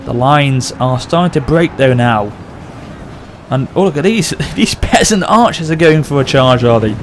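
With soft background music playing, a gaming channel host excitedly narrates a battle and frequently talks to his audience. He speaks at a moderate pace in a mid-range voice.

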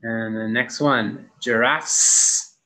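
A young adult man teaching an English grammar lesson, slowly stretching out key words as he models them for students. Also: medium pitch, fairly even intonation, sharp tone, rough recording.

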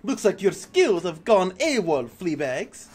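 A man's voice: high voice, sing-song, unhurried, darkish tone, slightly rough, heavily acted. A man reading a boastful female warrior dog boss aloud in a put-on Russian accent, taunting.

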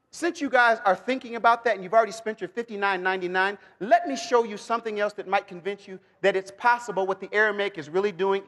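A man teaching the Bible to a live audience, animated and joking, calling for responses and bursting into shouts. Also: high voice. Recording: long hall reverb.

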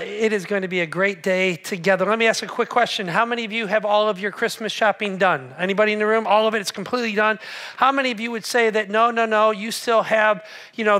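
Male pastor with a bright, forceful voice; relaxed, joking sermon that keeps polling the room. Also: high voice. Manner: conversational, joking, asks the audience questions. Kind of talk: sermon to a church congregation.

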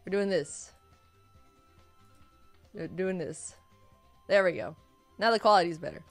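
A woman streaming live in casual chat, hoarse and worn out, giggly and excitable, often repeating herself. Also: lowish voice, unhurried, soft background music.

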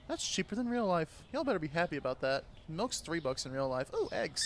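A young man giving casual, sarcastic gameplay commentary, swearing a lot and yelling at the customers in the game. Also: a little high, very animated, a little fast, hardly any pauses, a little hiss or hum. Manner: jumps between mutters and loud outbursts. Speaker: gaming video creator.

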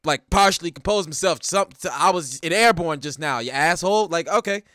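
A man hosting a reaction video, giving animated, slangy commentary full of profanity and laughing asides. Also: on the high side, brisk, dry recording, studio quality. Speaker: reaction channel host.

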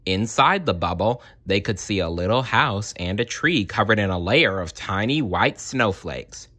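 A man's voice: lowish voice, unhurried, no room sound, clean studio sound. A man reading a children's picture book aloud, adding short asides for listeners. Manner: animated, adds short asides. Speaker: storyteller.

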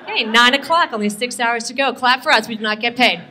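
A middle-aged woman doing an energetic stand-up comedy set, talking to the audience and firing off quick questions. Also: on the high side, a faint crowd, slight background noise. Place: comedy stage with a live audience.

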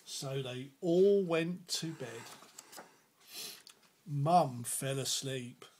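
A man reading a picture book aloud to his child at home in a gentle, animated way. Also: medium pitch, very slow, slight background noise.

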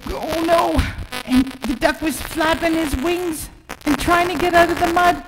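A woman telling a children's story at church in a playful, animated way, with animal noises. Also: very high-pitched, unhurried, music in the background, rough recording. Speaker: children's time leader at church. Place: church sanctuary.

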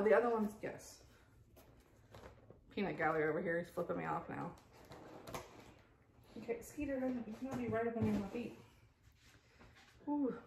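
A woman's voice: mid-range voice, creaky, slight background noise. Chatty woman in an echoey room. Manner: chatty, self-interrupting, frequent asides and laughs. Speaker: vlogger. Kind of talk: casual unboxing chat. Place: home kitchen table with pets around.

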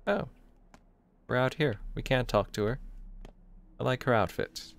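A man's voice: mid-range voice, unhurried, vocal fry, a little hiss or hum. A man giving casual, rambling commentary while playing a video game, with self-deprecating asides, reading game dialogue aloud in his own voice. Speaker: let's play gamer.

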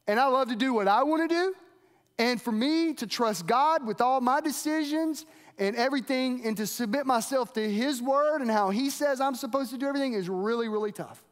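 A male pastor preaching in an earnest, conversational way, stumbling and repeating words as he goes. His voice sits very high for a man. The sound rings with a long reverb, as in a large hall. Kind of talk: sermon.

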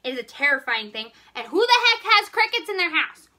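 A woman's voice: high voice, big pitch swings, brisk, pushed and bright. A young woman chatting through a live makeup tutorial, jittery and panicky, laughing between lines. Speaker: makeup vlogger.

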